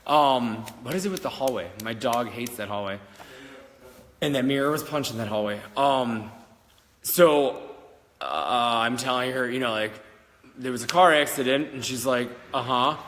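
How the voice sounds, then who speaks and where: A man's voice: mid-range voice, normal speed, a bit bright, long reverb tail. A man working as a psychic medium, telling a story casually to camera in a rambling, giggly way with many fillers and restarts. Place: old schoolhouse in the country, indoors.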